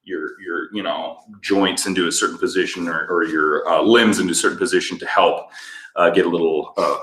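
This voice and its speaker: A man's voice: sits low, steady tone, fairly quick, a bit bright, echoey room. A man co-hosting a fitness channel, casually answering viewer comments and explaining exercises with lots of fillers. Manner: easygoing, explanatory, many fillers.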